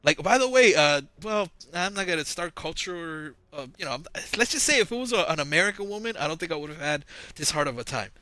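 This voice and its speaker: Animated man telling a rambling story. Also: a little high, fairly quick, few pauses, no echo. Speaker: channel host. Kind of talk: casual storytelling monologue. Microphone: close mic, audio-only recording.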